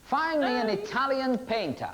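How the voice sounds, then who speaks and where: A man's voice: very high-pitched, lively intonation, moderate pace, a bit bright. A man hosting a TV quiz show, joking and teasing the contestants. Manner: teasing, jokey banter with contestants. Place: TV studio with audience. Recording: noisy 1990s TV broadcast.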